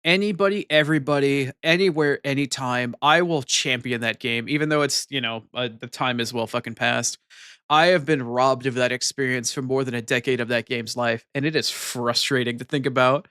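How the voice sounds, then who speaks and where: A man streaming and chatting casually with his viewers in an excitable way, swearing freely. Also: medium pitch, normal speed, clean tone, dry recording, clean studio sound.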